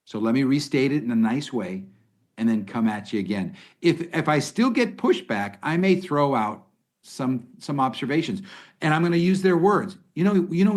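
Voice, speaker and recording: Middle-aged guy explaining coaching stuff, lively, keeps restarting, plays out example lines. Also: medium pitch. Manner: animated, restarts sentences, acts out example lines. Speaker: coaching guest expert. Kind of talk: conversational advice in a podcast interview.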